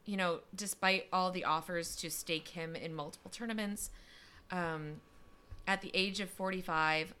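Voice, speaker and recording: A woman's voice: on the low side, fairly even intonation, sharp tone, a little hiss or hum. A young woman co-hosting a podcast, telling a story in a casual chat with lots of fillers. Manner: chatty, lots of fillers and quick asides.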